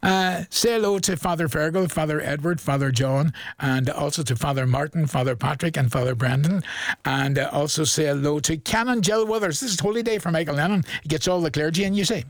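Chatty Northern Irish radio man, gravelly. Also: fairly high pitch, fairly quick, no room sound. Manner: chatty and rambling, chuckling between shout-outs. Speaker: radio presenter. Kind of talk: radio request show with shout-outs.

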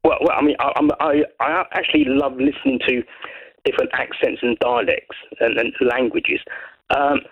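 A man from Brighton calling in to a radio show, chatting in a rambling way with many restarts. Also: mid-range voice, normal speed, vocal fry. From Brighton, England. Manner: rambling, lots of restarts, lively. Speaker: caller. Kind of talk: casual phone-in chat. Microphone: telephone. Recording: muffled phone line.

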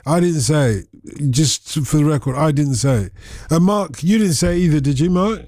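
A man's voice: on the high side, moderate pace, a little mellow, no room sound, clean studio sound. A man hosting a late-night radio phone-in, rambling and joking between listener messages. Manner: rambling, jokey, filler-heavy banter. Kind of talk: casual chat. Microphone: studio microphone.

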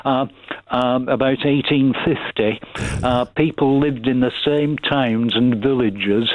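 A man's voice: mid-range voice, fairly even intonation, takes it slowly. Burnley-accented man on a tinny phone line. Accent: Burnley Lancashire. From Burnley, Lancashire. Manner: hesitant, many fillers and restarts. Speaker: radio caller. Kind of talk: casual phone-in chat.

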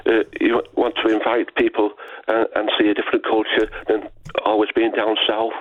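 A man's voice: fairly low pitch, completely flat delivery, moderate pace, no echo, phone-quality sound. Hesitant man calling in to radio. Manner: hesitant, many fillers and repeated words, polite. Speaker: caller. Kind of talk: phone-in call.

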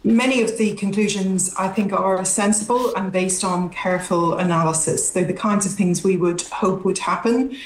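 A woman's voice: medium pitch, fairly even intonation, moderate pace, few pauses, roomy sound, slight background noise, poor audio. A woman academic expert giving careful, analytical answers in a news interview, with some hesitations.

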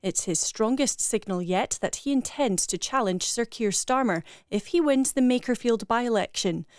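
A woman's voice: a little high, darkish tone, dry recording, studio quality. Woman reading radio news. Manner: clear, measured reading. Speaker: newsreader. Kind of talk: scripted radio news bulletin.

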